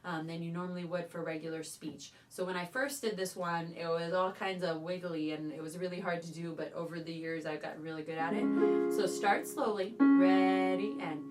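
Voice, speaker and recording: A woman from California, a voice teacher, leading a choir warm-up and calling out cues between sung drills. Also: lowish voice, fairly even intonation, moderate pace. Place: teaching studio. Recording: voice from a distance over loud piano. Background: loud piano accompaniment.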